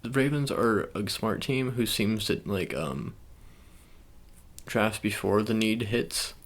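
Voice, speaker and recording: A young man speaking in a soft ASMR style, chatting casually and rambling with many fillers and restarts. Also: lowish voice, takes it slowly. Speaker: ASMR channel host. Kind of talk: soft-spoken ASMR sports talk.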